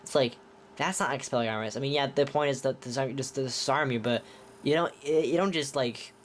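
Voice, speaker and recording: A man reviewing films in a loose, chatty way, often stopping to restart his sentences. His voice sits at an ordinary mid pitch, and he sounds enthusiastic about what he describes. A faint hiss runs under the recording. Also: brisk. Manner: rambling, with many restarts. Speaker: film reviewer. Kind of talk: casual movie review.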